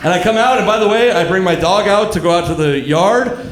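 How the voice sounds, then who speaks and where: A man in his thirties performing a stand-up comedy set, telling dark stories in a deadpan way with asides to the audience. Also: high voice, fairly quick, background noise. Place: comedy club stage, live audience. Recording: echoey club room with crowd laughter.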